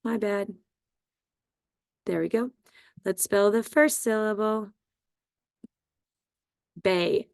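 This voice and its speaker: A woman's voice: medium pitch, slow pace, gravelly, long pauses, smooth, no room sound, studio quality. A woman teaching a recorded phonics lesson to first graders, patient and repeating words with frequent ums and okays.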